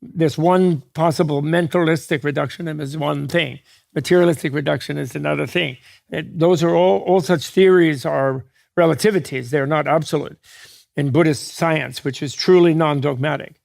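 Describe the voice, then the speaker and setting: Speaking to an audience in a creaky voice on the high side, a man delivers a dharma talk as a Buddhist teacher. He wanders off topic, jokes, laughs through quick asides and frequently restarts his thoughts.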